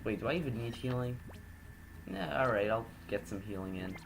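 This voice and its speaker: A man's voice: mid-range voice, animated, moderate pace, gravelly, slight background noise. A man doing joking, rambling gameplay commentary as host, often correcting himself. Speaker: let's play host.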